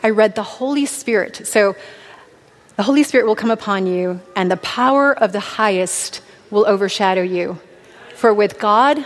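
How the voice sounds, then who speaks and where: A woman in her thirties giving an earnest, heartfelt testimony sermon to a church. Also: mid-range voice. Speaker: speaker at a church. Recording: long hall reverb.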